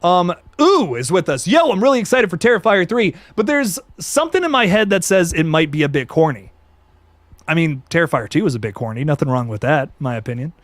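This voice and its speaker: A young man hosts a casual live stream, chatting loosely with viewers in an excitable, slangy way. His voice sits a bit high and swings widely in pitch. The sound is close and dry, with no room around it. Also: a little fast, no echo. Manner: excitable, laid-back slang, frequent laughs and restarts. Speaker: youtube host reading live chat.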